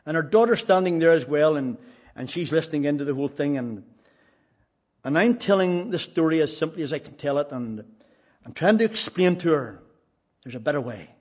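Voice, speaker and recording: Male evangelist, storytelling testimony, slightly high pitch, earnest and halting. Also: expressive. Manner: plain, earnest, halting with restarts.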